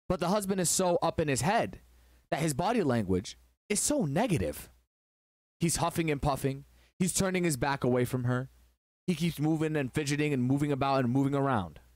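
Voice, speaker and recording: A man's voice: mid-range voice, no echo, clean studio sound. A man hosting a relationship advice talk, telling a story in an emphatic, preachy way.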